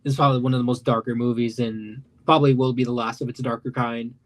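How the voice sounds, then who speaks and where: A man's voice: medium pitch, little pitch movement, fast talker. Rambling young man chatting on stream. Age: late teens. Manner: rambling, loose, self-interrupting. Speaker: animation creator. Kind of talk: casual livestream chat.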